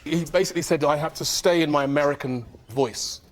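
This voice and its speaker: A man's voice: on the high side, fairly quick. A man on a comedy panel show, earnestly and a little flustered defending his story under questioning. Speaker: guest panellist. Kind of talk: casual panel show banter.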